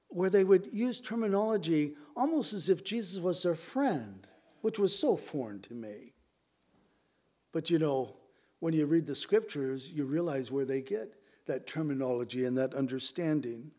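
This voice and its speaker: Conversational male pastor, fairly high voice. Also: lively intonation, measured pace, dark tone. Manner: conversational, with many restarts and asides to the congregation. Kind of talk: sermon.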